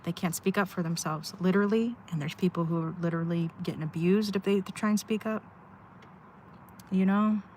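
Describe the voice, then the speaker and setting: A woman with a slightly low voice talks openly on a livestream from her parked car, rambling and sighing as she vents. A faint hiss sits under her voice. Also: a little fast, darkish tone. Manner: rambling, sighing, heartfelt venting. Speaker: live streamer. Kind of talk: candid livestream chat. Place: inside her car at a rest stop.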